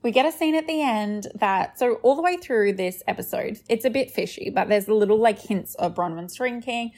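Gravelly-voiced woman podcast co-host. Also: fairly high pitch, moderate pace, a little mellow. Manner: chatty, quotes cast members in mock voices. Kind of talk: casual recap chat.

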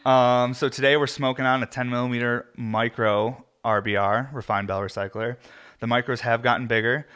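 Young man, host, casual chat, rambling, lots of fillers, mid pitch. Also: steady tone, normal speed, a bit bright, clean tone. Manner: chatty, filler-heavy, self-interrupting. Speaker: host of a smoking video show.

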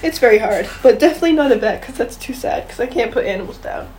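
A woman's voice: fairly high pitch, expressive, fast, a little mellow, slight background noise, low-quality recording. A young woman co-hosting a casual chat, bubbly and rambling, with lots of fillers. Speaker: podcast co-host.

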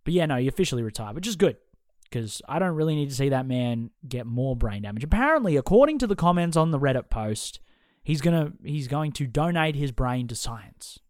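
A man's voice: medium pitch, sing-song, brisk, a little mellow, no room sound, studio quality. A young man hosting a podcast, ranting heatedly and swearing constantly as he picks apart someone's opinions. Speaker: podcast host. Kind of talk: casual podcast rant.

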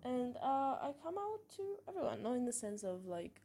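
A woman's voice: on the high side, normal speed, few pauses. Frank young woman telling stories. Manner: frank, expressive storytelling with swearing and laughs. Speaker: podcast host. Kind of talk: candid personal monologue.

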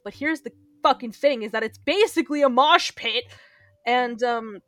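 A young woman podcast co-host telling an animated story in casual chat, swearing freely. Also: on the high side, normal speed, no echo. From Palestinian Arab family.

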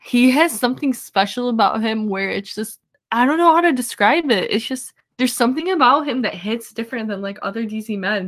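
A woman in a casual panel chat about a TV drama, earnest and reflective. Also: mid-range voice. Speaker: podcast panelist discussing a TV drama.

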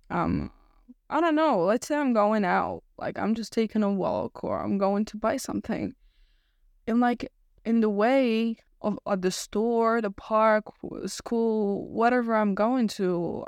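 A woman's voice: medium pitch, creaky, darkish tone, dry recording, studio quality. A young woman hosting her own podcast, chatting casually in a rambling way with many fillers and restarts. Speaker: podcast host. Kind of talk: casual solo podcast chat.

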